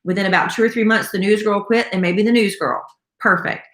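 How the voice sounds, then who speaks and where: Her mid-range voice holds a steady tone, brisk and a bit bright. She's a radio host in her 50s from South Carolina, USA, recounting her story in a chatty live-stream chat full of fillers, with a roomy echo from her home room.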